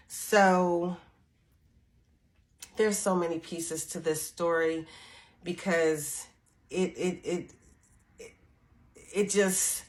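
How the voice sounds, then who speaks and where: A middle-aged woman with a fairly low voice tells a personal story in a loose, chatty way. She doubles back often and restarts her sentences. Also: steady tone, extremely slow, pauses often. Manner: chatty, repetitive restarts, acts out quoted voices softly. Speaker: spiritual storyteller and channel host. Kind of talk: casual storytelling to camera.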